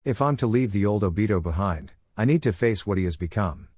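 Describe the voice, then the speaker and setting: A man's voice: lowish voice, expressive, fairly quick, a little mellow, slightly rough, no room sound, clean studio sound. A man voicing an earnest young female ninja healer, in a plain reading voice. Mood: resolute.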